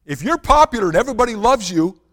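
A man's voice: high voice, sing-song, fast talker, a bit bright. Man preaching in a reverberant hall. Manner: earnest preaching with repeated rhetorical questions. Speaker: pastor. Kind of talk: sermon.

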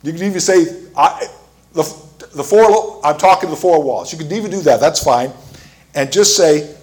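A man preaching a sermon, telling a story with fillers and restarts and getting louder as he retells scenes. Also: on the high side, animated, moderate pace. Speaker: pastor.

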